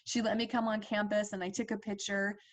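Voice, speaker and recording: A woman's voice: medium pitch, little pitch movement, fairly quick. A woman in her forties telling a personal story as a parent advocate, earnest and conversational with fillers and restarts.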